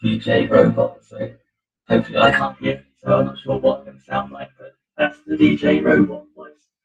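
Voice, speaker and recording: A man's voice: rumbling low, huge pitch swings, normal speed, gravelly, highs cut off, pitched below the performer's own voice, exaggerated voice. A man talking through a robot voice effect on his microphone, unsure how he sounds. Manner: chatty, unsure, rambling. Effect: robot voice filter.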